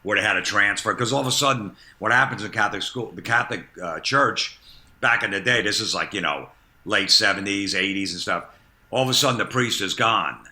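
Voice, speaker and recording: A man's voice: fairly low pitch, brisk, sharp tone. A man in his fifties, a comedian guest, telling blunt stories in casual podcast chat and laughing at himself.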